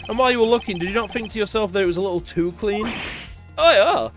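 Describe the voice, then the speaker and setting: A cool, composed male prosecutor voiced by a British man argues in a measured, fairly high voice. The English accent is plain. Game music runs underneath. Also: natural voice. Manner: measured, reasoning. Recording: game music playing behind.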